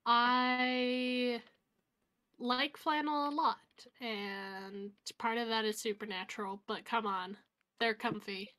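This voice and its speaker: Joking woman co-streamer, fairly high voice. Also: takes it slowly. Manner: relaxed, joking, filler likes. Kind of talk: casual gaming chat.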